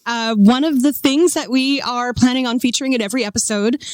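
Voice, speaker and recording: A young woman co-hosting a podcast in casual chat, talking freely with lots of fillers and quick laughs. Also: fairly high pitch, a little mellow, dry recording. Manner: chatty, laughs often, frequent fillers. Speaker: podcast co-host.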